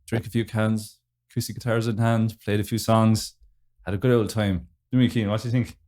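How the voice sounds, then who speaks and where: Wexford Irish male co-host, low-pitched, easygoing, chatty. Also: brisk. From Wexford, Ireland. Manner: relaxed, chatty, laughs often. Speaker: podcast co-host. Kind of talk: casual chat. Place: indoors, in a house.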